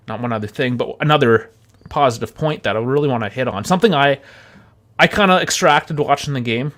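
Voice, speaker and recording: A young man co-hosting a football podcast, telling rambling anecdotes and laughing often. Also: on the high side. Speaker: podcast co-host. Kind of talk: casual football chat.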